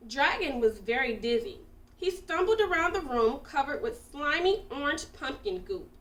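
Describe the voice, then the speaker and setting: A woman reading a children's picture book aloud with expressive, animated storytelling, in an echoey room away from the mic. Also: high voice, normal speed, far from the mic. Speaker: storybook reader.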